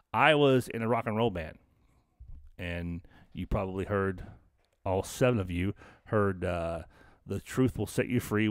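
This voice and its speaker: A man's voice: fairly low pitch, dry recording, studio quality. A middle-aged man from the Southern United States hosting a live stream, telling a long rambling story full of swearing, fillers and restarts. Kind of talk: casual storytelling.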